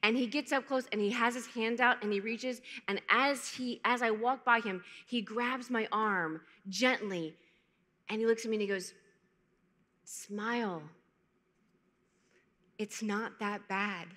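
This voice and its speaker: A woman in her thirties, speaking at a fairly high pitch and normal speed with a fairly bright tone, gives a candid, emotional personal testimony to a conference. She mixes in self-deprecating humor, and the large conference hall lends the recording a reverberant sound.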